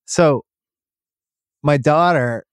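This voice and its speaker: A middle-aged man hosting a podcast, chatting in a relaxed way with dry asides. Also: a little high, extremely slow, clean tone, dry recording. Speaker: podcast host. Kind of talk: casual chat.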